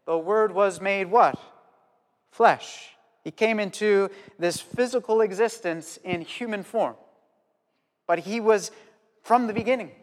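A man preaching a sermon with a slightly raised pitch, earnest and animated as he lays out his points and tells stories from home. His voice rings out with long reverb through the church hall. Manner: earnest, animated storytelling with pauses.

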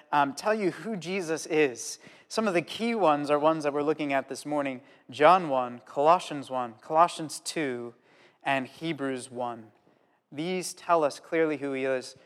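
A man preaching a sermon, earnest and animated, slowing down to stress key points and telling stories from home. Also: a little high. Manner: earnest, animated storytelling with pauses. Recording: long hall reverb.

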